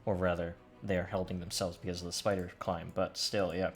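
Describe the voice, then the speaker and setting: Low-voiced man running a tabletop game. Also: little pitch movement, a little fast, faint music behind. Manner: loose and searching for words, with many fillers. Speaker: game master. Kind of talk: running a tabletop game, describing rules and combat.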